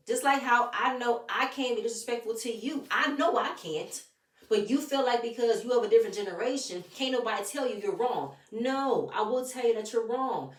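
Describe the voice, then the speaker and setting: A woman recapping a reality show in casual commentary, animated and opinionated, often talking straight at the people she discusses. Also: mid-range voice, recorded from a distance. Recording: roomy echo, off-mic.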